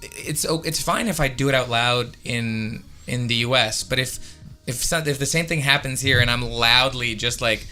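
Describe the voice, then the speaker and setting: A man's voice: medium pitch, normal speed, hardly any pauses, pushed and bright, faint music behind. Romanian man with an American-sounding accent. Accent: American-sounding English. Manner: chatty storyteller, acts out dialogue. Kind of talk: casual podcast chat. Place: comedy club.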